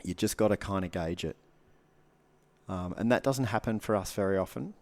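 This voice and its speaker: A man's voice: sits low, moderate pace, a little mellow. A man, a guest coach giving earnest advice in casual podcast talk, repeating short punchy phrases.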